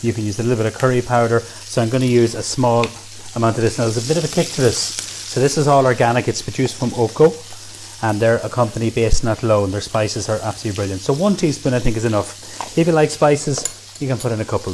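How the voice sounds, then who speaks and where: A man's voice: mid-range voice, quick pace, darkish tone, slight background noise. An Irish man demonstrating a recipe in a kitchen, chatty and enthusiastic, full of praise for the food. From Ireland. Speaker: cook. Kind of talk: cooking demonstration.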